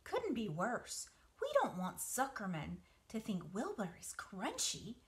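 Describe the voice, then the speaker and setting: A woman's voice: medium pitch, wildly swooping pitch, a little slow. Woman as a patient, motherly spider.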